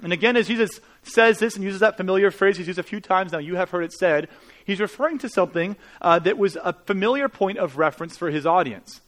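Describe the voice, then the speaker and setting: A man's voice: high voice, expressive, fast talker, a bit bright. A man preaching a sermon in an earnest, conversational way, with rhetorical questions to the congregation. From Canada. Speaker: pastor.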